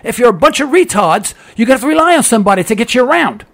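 Rapid-fire and animated, with a very high, gravelly and fairly bright voice, an American commentator delivers an opinionated radio-style political monologue. He's sarcastic and emphatic, pounding his points through repetition.

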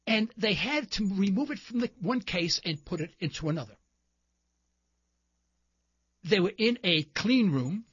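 Man, talk show host, impassioned rhetorical monologue, sharp tense tone, dry close sound. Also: high-pitched, animated, unhurried, pauses often, slightly rough, no echo, lo-fi sound. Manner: impassioned, rhetorical, builds to indignant emphasis. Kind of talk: political commentary monologue.

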